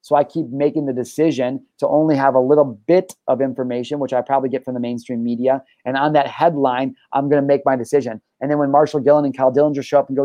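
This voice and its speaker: A man's voice: medium pitch, little pitch movement, quick pace, few pauses, dark tone, no echo, low-quality recording. A man hosting a talk show and coaching listeners in an intense, profane, preachy monologue. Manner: intense, swears freely, preachy. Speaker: podcast host and life coach.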